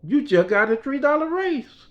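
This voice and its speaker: A man's voice: very high-pitched, sing-song, normal speed, lo-fi sound, pitched above the performer's own voice. A blunt, friendly older boss, put on by a man telling a story. He drawls in a raised, folksy voice and calls people son and partner. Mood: urgent, friendly.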